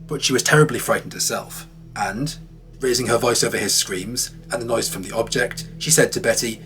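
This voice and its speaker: A man's voice: medium pitch, normal speed, fairly bright tone. A man giving scripted, dramatic narration for an audio documentary, telling the story vividly. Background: faint music.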